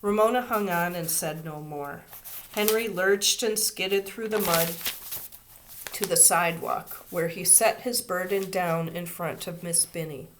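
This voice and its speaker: A woman's voice: on the low side, measured pace, slight background noise. Woman reading a children's book aloud. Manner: expressive, steady storytelling.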